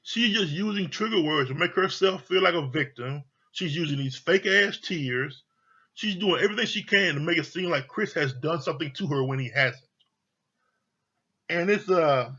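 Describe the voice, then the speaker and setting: A man's voice: a little high, bright, forceful tone, husky, muffled recording. A man giving a casual, profanity-laced review of a TV show, blunt, exasperated and mocking.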